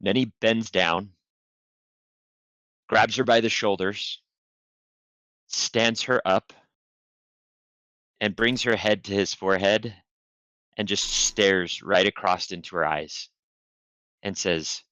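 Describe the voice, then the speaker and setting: A low-voiced man narrating his character's feelings during a tabletop game, measured and thoughtful at an unhurried pace. His voice has a bright edge, but the recording sounds dull and lo-fi. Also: steady tone, no room sound. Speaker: player.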